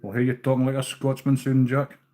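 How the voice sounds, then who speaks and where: Working at his fly-tying on a live stream, an easygoing Scottish man chats casually with viewers, with the odd swear word. He talks briskly in a monotone, his mid-range voice dark in tone.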